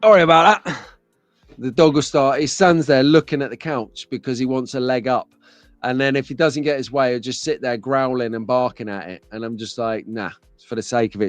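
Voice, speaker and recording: A man's voice: medium pitch, dry recording. Man, English accent, live stream host, casual banter, laughs a lot, faint music behind. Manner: chatty and jokey, laughs often. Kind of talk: casual live chat reading viewer comments.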